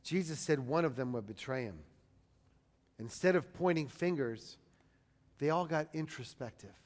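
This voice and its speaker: A man delivers a sermon in a high, light voice, moving from quiet reflection to loud, declaiming scripture readings. He acts out the people he quotes as he goes. His voice carries a long reverb, as if in a large hall. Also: expressive, moderate pace. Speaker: preacher.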